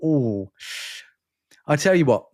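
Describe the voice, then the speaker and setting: A man's voice: on the high side, big pitch swings, takes it slowly, dark tone. A tired English man with an accent between London and educated, chatting casually as podcast co-host, rambling and self-deprecating. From England. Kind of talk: casual chat.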